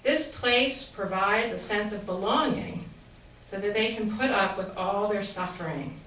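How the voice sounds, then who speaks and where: A woman's voice: medium pitch, a little slow, fairly bright tone, slight background noise. A woman gives an earnest, reflective talk in the manner of a sermon, turning often to rhetorical questions. Her voice carries through a very roomy, echoing space and is picked up from some distance. Faint ambience hangs behind her. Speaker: speaker giving a faith reflection.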